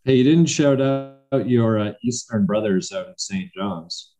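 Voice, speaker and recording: A man's voice: lowish voice, measured pace, dark tone, soft background music. A man, co-hosting a casual podcast in an easygoing way, often laughing along. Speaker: podcast co-host.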